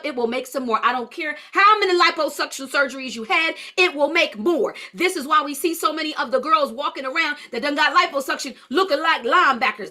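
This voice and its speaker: High bright lady teaching a live health class, blunt and chatty, talks back to the chat. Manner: chatty, reacts to viewer comments, blunt. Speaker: holistic health class instructor.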